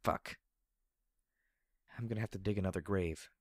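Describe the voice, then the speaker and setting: A man reading a first-person story aloud in a steady, low-key narration. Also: moderate pace, no room sound, studio quality. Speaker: audiobook narrator.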